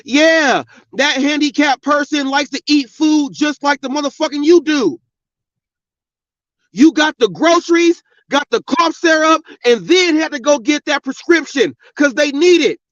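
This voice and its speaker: High-voiced man ranting angrily. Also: a little slow, a bit bright, no room sound. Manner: angry, profane, preachy. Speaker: podcast host. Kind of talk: ranting monologue. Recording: dull, lo-fi sound.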